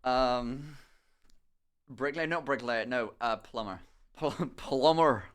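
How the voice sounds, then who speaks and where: A young man from Somerset, a streamer chatting casually while he paints, telling stories excitably with lots of swearing and laughter. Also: mid-range voice, takes it slowly. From Somerset, England. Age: young adult.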